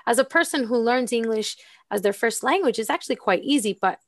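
Woman teacher explaining with steady flow. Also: fairly high pitch, fairly quick, dry recording, studio quality. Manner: fluent with frequent ums. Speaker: English teacher, co-host. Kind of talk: casual explanatory chat.

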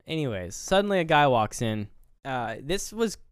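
A man's voice: medium pitch, sing-song, normal speed, clean tone, no echo, clean studio sound. A man co-hosting a podcast, casually recapping a film and acting out characters' lines with loose swearing. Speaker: podcast co-host.

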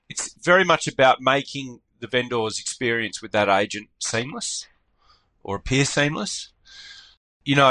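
An Australian man, a guest photographer, explaining his views in a thoughtful, measured way in a podcast interview. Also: medium pitch, bright, forceful tone, dry recording, poor audio.

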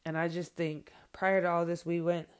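A woman's voice: on the low side, level tone, moderate pace, clean tone. A woman in her thirties, a mother, talks candidly to viewers in a blunt, heated and profane monologue. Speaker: mother sharing her views.

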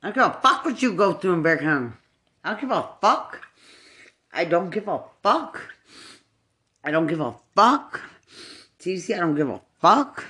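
A person in a heated confrontation, crying and shouting repetitive profane insults, then dropping to a low mutter. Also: big pitch swings, normal speed, long pauses. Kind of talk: furious shouting rant.

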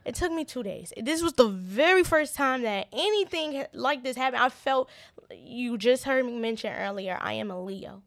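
A young woman telling a personal story as an interview guest. She talks in halting starts and often repeats words in earnest. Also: on the high side, animated, no room sound, studio quality. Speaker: interview guest, business owner.

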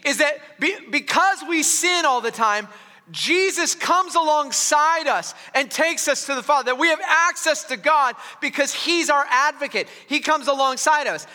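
A male pastor preaching a sermon in a high, very bright voice, chatty and self-mocking with plenty of restarts. The sound rings out with the long reverb of a large church hall. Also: moderate pace. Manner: conversational, joking asides, frequent restarts.

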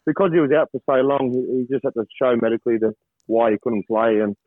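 An Australian man, a rugby league player, chatting as a guest over a call, halting with many restarts. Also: medium pitch, dry recording. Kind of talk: casual interview over a call. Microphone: phone or video call from abroad. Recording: thin phone line, dry.

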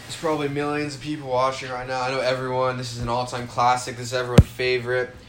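A man's voice: medium pitch, monotone, fast, heavy background noise. A man casually reading a comedy script aloud and tossing in offhand asides.

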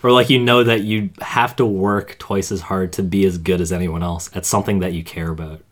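Excitable, swearing young man. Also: sits low, fairly quick, a little hiss or hum. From Canada. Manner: excitable, swears a lot, bursts into laughter. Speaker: podcast co-host. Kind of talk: casual chat.

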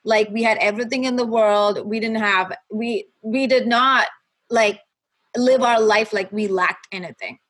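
A young woman with a fairly high voice tells her personal faith testimony. She speaks earnestly and haltingly, often restarting her sentences as she works through painful memories. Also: steady tone, fairly bright tone. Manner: halting, with many restarts and fillers. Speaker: guest sharing her testimony.

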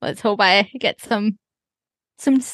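A woman's voice: medium pitch, normal speed, no echo. A woman co-hosting a podcast, talking casually with lots of fillers as she explains things. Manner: relaxed rambling with many fillers. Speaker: podcast co-host. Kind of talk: casual chat.

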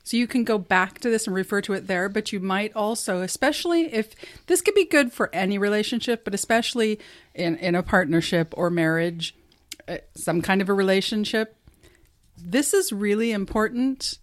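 A woman's voice: mid-range voice, normal speed. A woman co-hosting a podcast, chatting casually and matter-of-factly while eating. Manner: relaxed, matter-of-fact, talks with mouth full. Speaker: podcast co-host. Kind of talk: casual chat while snacking.

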